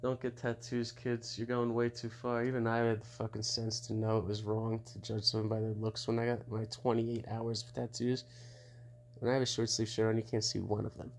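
A middle-aged man holds forth on his own show in a loose, profane monologue. His voice sits low and gravelly, with a rough fry at the ends of phrases. He rambles bluntly and laughs between remarks. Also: completely flat delivery, a little fast, a little hiss or hum. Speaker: show host.

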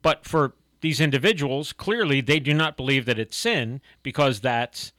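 A man's voice: mid-range voice, normal speed, dry recording. A middle-aged man co-hosting a casual Christian talk show, telling stories and acting out quotes. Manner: animated storyteller, acts out quotes. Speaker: co-host of a Christian talk podcast. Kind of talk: casual faith discussion.

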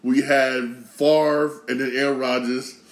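A man from Connecticut hosting a podcast, ranting casually with slang and a lot of repetition, swinging from loud outrage to low grumbling. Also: little pitch movement, slow, roomy sound. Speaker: podcast host. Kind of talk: casual sports rant.

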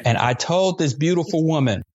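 A man in a podcast conversation, spinning an animated comic story full of slang and swearing. His voice sits a bit high for a man, and the recording sounds dull and lo-fi. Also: moderate pace. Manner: loose, slangy, profane. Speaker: guest comedian.

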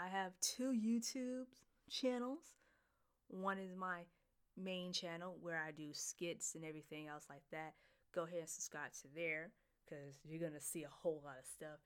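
Giggly, rambling woman podcast host. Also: fairly low pitch. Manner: excited, giggly and rambling, repeating herself. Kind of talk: casual solo podcast chat.

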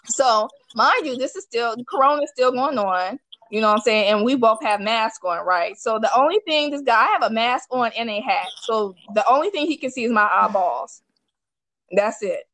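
A woman's voice: fairly high pitch, moderate pace, no echo, low-quality recording. A woman hosting a casual chat, telling stories bluntly and with lots of energy. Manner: blunt, animated storytelling with profanity. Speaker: podcast host.

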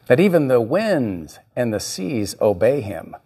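A man's voice: mid-range voice, lively intonation, moderate pace, few pauses, darkish tone, breathy edge. A male pastor preaching a sermon, reading scripture and acting out the voices he quotes. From United States.

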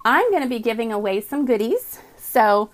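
A woman's voice: a little high, very animated, moderate pace. A woman hosting a live inspirational talk stream, chatty and enthusiastic, often calling her viewers "guys" and reading uplifting passages aloud. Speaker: host.

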